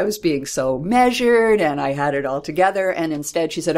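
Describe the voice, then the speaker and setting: A woman author speaking as a podcast guest, reflective and thoughtful, growing animated when she retells conversations. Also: sits low, moderate pace, hardly any pauses. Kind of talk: conversational interview.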